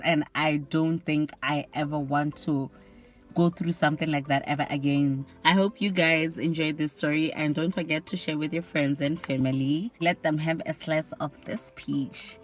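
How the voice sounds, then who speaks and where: A woman's voice: low voice, a bit bright. A young woman telling a personal story to camera in a candid, exasperated way, with plenty of "like". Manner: candid, exasperated, often says "like". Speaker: vlogger.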